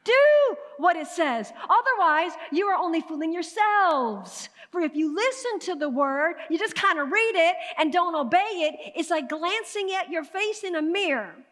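A woman pastor preaching a sermon in a high, bright voice that rings with the long reverb of a church sanctuary. She calls out to the congregation for answers and moves between quiet, close asides and loud, emphatic bursts. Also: lively intonation, normal speed, hardly any pauses.

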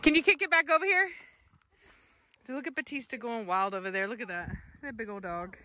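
A woman's voice: a little high, brisk, sharp tone, slight background noise. A woman, filming a casual vlog outdoors as she plays with her dogs, laughing and calling commands to them.

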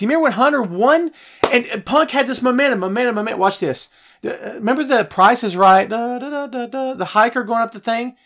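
A podcast host, a man, rants about wrestling with a high, very lively voice that leaps up and drops low as he gets fired up. He swings from loud outbursts to muttered asides while answering his live chat. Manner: animated, fired-up ranting, swings loud and soft. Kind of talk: heated wrestling rant.

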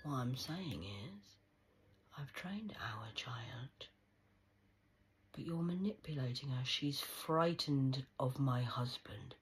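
A woman rambling in a monologue to camera, slipping between hushed whispers and sudden loud outbursts, swearing and speaking in a conspiratorial tone. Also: very deep voice, lively intonation, takes it slowly, a little hiss or hum, poor audio. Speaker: vlogger.

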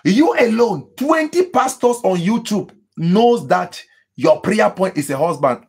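High, gravelly, husky preaching man. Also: animated, measured pace, a little mellow. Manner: emphatic preaching with repetitions and sudden high exclamations; mimics people praying in tongues. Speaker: pastor. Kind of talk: sermon.

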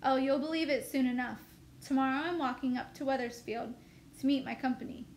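A woman's voice: sits high, a little fast, slight background noise. Woman reading a cocky older brother. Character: older brother, young man, proud and cocky. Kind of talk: reading a novel aloud.

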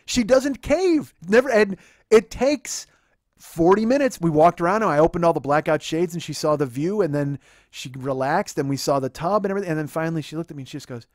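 A man, a comedian hosting his own show, telling a comic story in an animated way that builds to exasperated outbursts. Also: a little high, fairly quick, no room sound, studio quality. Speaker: comedian host.

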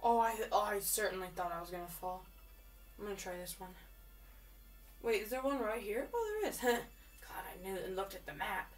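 A woman giving live commentary while she plays a game, chatty and excitable, often repeating words in quick bursts. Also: medium pitch, far from the mic, soft background music. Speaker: gamer.

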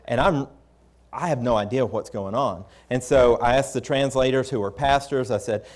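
A man's voice: medium pitch, normal speed, a little mellow. A man preaching a sermon, recounting his experiences in a candid, conversational way with frequent restarts. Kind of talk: storytelling sermon.

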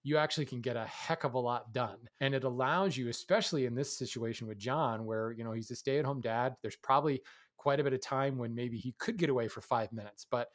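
Relaxed man explaining woodworking on a podcast. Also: medium pitch, fairly quick. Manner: relaxed, explanatory, laughs easily. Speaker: podcast co-host and woodworking teacher. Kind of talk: casual podcast chat.

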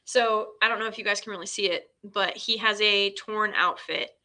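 A woman's voice: mid-range voice, fairly even intonation, moderate pace, bright, forceful tone. A woman hosting a casual film recap, chatty and full of fillers, retelling scenes in quoted dialogue. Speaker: host.

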